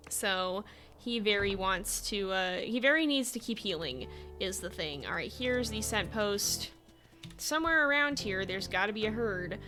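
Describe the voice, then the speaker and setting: A woman streaming a game live, chatting with her viewers and urging her animals along, often breaking into giggles. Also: mid-range voice. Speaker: gaming streamer. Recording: game music under the voice. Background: background game music.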